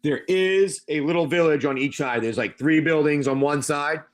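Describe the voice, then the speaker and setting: A man's voice: on the high side, normal speed. Rambling man game master. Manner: loose, rambling, addresses players by name. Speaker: game master and stream host. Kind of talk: live-streamed tabletop game narration.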